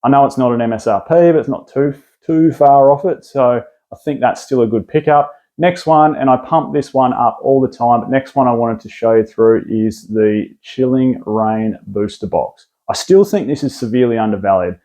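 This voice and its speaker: An Australian man talks through his product picks in a casual, rambling way, often restarting his sentences. His voice is mellow and relaxed, pitched in a middle range for a man. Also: normal speed. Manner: rambling, enthusiastic, lots of restarts and fillers. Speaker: card collecting video host.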